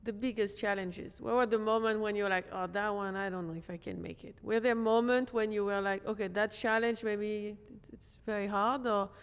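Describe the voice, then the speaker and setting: Woman asking interview questions, smooth voice, bit of echo, curious. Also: medium pitch, steady tone, normal speed, few pauses. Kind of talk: interview conversation.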